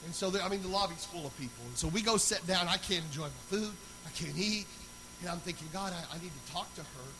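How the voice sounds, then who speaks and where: A man preaching a sermon, moving between loud, sung exhortation and quiet, conversational storytelling. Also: sits high, lively intonation, fast talker, noisy background.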